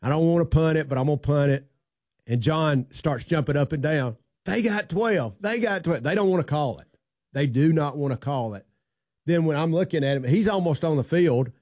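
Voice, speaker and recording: Mellow-voiced man telling folksy stories. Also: on the high side, moderate pace, dry recording, clean studio sound. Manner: folksy, loose storyteller who drifts softer at phrase ends. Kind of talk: casual storytelling conversation.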